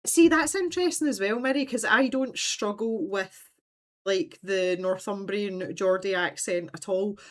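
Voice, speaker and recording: A Scottish woman in her thirties hosts a casual livestream chat. She talks in an animated, chatty way and laughs often, at a middling pitch. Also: unhurried. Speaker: livestream host.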